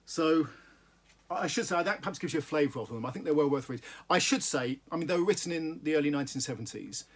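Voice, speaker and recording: Husky male reader, halting and reflective commentary, slightly high voice. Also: expressive. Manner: halting, thoughtful, many restarts. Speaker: book reviewer. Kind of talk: reading aloud and book commentary.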